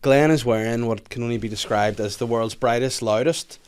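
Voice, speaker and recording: A Northern Irish man hosts a casual podcast at an everyday middle pitch. He jokes and teases as he goes. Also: steady tone, a little fast, darkish tone, smooth. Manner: joking, teasing. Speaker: podcast host. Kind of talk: casual chat.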